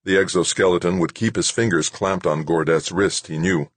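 A man reading an audiobook as narrator in a steady, measured way. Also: sits low, no room sound. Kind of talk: scripted narration.

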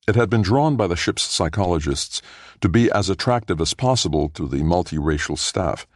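A man narrating a science fiction audiobook in a measured, even storytelling manner. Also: a bass voice, dry recording, clean studio sound. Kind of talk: scripted narration.

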